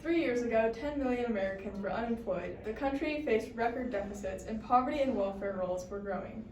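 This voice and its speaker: A woman in the role of a reporter, reading a scripted news report in a steady voice. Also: on the high side, fairly quick. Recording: echoey room, mic far off, faint hiss.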